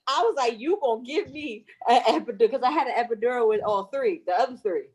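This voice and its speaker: Lively, laughing woman telling a story. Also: a little high, fast talker, husky. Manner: lively, laughing, cussing, acts out voices. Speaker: guest mom telling a birth story. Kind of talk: animated storytelling with acted-out quotes.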